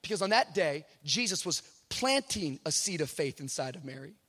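A man preaching a sermon, moving from conversational asides to shouted, rising declarations, with jokes along the way. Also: on the high side, sing-song, moderate pace, husky. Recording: live hall reverb with faint music.

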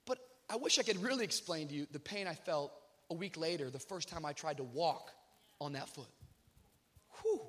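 A man preaching a sermon, telling a funny personal story and acting out the voices with shouts. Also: fairly high pitch, normal speed, slightly rough. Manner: animated storyteller, acts out shouted quotes. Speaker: pastor.

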